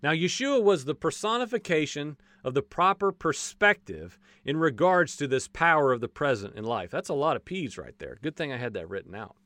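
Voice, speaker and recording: A man preaching a casual, animated sermon, acting out voices from the stories and joking as he goes. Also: a little high, fairly quick, hardly any pauses, no room sound. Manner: folksy, says "y'all" and jokes.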